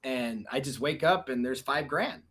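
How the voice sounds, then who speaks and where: A man guest on a podcast, telling stories in casual chat, animated, laughing often and swearing freely. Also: mid-range voice, normal speed. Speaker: podcast guest, documentary filmmaker.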